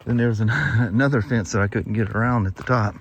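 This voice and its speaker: A man's voice: lowish voice, fast talker, lo-fi sound, a little hiss or hum. A middle-aged man vlogging outdoors on a rural road with a clip-on mic, chatting in a folksy, rambling way. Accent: Pacific Northwest American. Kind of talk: casual vlog chat. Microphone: wireless clip-on mic.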